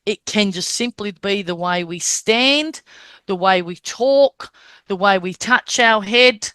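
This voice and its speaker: A woman's voice: medium pitch, slow, fairly bright tone, clean tone, no echo. A woman medium explaining how spirit communicators are recognised, checking in with her listeners and acting out gestures as she teaches. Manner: checks in often with "Okay?"; acts out the spirits' words and gestures.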